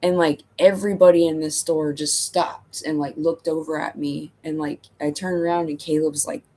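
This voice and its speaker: A man's voice: on the high side, level tone, moderate pace, mellow, a little hiss or hum. A middle-aged man telling a casual story as a channel host, rambling and self-amused, filling his talk with "you know" and "like".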